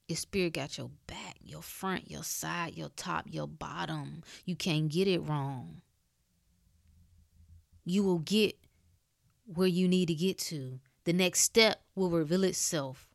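A woman giving a motivational talk on health and spirit, preachy and emphatic, moving between loud bursts and soft hushed stretches in casual, clipped speech. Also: low-pitched, lively intonation, unhurried, gravelly, dry recording, clean studio sound. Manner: casual speech with dropped words. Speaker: wellness speaker. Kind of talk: motivational monologue.

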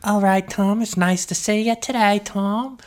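A man voicing a pushy haunted-house owner with a high, drawling voice who talks on and on and hates being interrupted. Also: steady tone, a little slow. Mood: mock-formal.

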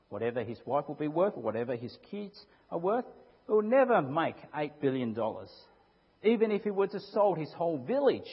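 A man preaching a sermon, telling a parable in an animated way and asking his listeners rhetorical questions. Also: sits high, husky. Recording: echoey hall, dull lo-fi sound.

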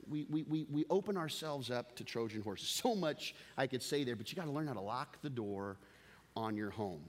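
A middle-aged man preaching a sermon as pastor, an animated storyteller who repeats words as he builds his point and chuckles through a funny story. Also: medium pitch.

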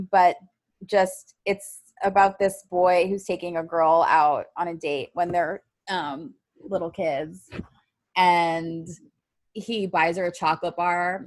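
A woman with a lowish voice chatting casually as a podcast co-host. She gets emotional and teary easily, and the recording is dry and close with no room sound. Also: no room sound. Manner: emotional, tearful when talking about poems. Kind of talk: casual chat.

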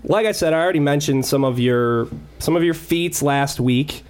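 A man's voice: fairly high pitch, normal speed, darkish tone. A man co-hosting a podcast in casual chat, joking, laughing often and swearing freely. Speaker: podcast co-host.

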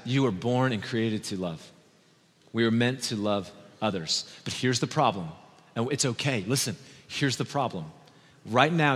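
A man in his thirties preaching a sermon with passion, shifting from soft, slow words to loud, high ones. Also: big-room sound. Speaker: pastor.

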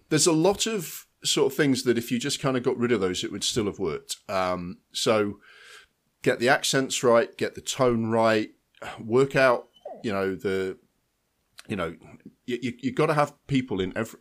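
A man co-hosting a film podcast, rambling and emphatic as he critiques a film. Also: fairly low pitch. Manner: rambling, restarts, emphatic swearing. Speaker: podcast co-host. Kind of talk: casual film review chat.

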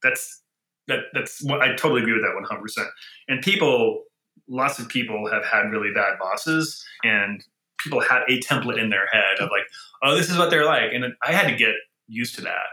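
A man who is a leader and author, talking casually, animated and thinking aloud with frequent restarts. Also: fairly low pitch, moderate pace, reverberant, low-quality recording. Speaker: guest, engineering leader and author. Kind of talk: casual conversation.

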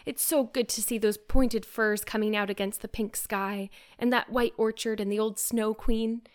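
A woman's voice: fairly high pitch, fairly even intonation, normal speed, lightly acted. A woman voicing an eager, dreamy teenage girl in a storybook reading, earnest and effusive. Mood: joyful. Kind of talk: audiobook character reading.

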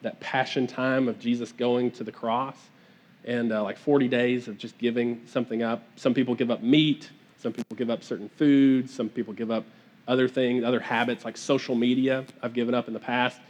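A man's voice: medium pitch, level tone, moderate pace, darkish tone, muffled recording. A man preaching a sermon in a conversational, earnest way, often restarting his phrases.

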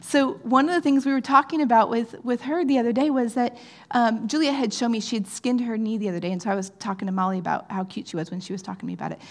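A woman giving an earnest, conversational sermon, often checking in with "right?" and sometimes dropping to a soft, near-whispered tone. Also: on the high side, fairly even intonation, fast, few pauses. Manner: drops to soft, near-whispered phrases at times. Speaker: pastor.

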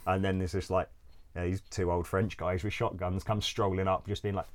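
A man's voice: low voice, little pitch movement, brisk. A man telling a travel story in a loose, rambling way, laughing often, swearing freely and filling gaps with "like" and "um". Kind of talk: casual storytelling.

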